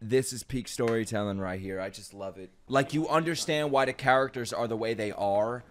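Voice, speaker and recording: A young man casually reacting to an anime, excitable, laughing and swearing, with loud bursts. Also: mid-range voice, normal speed.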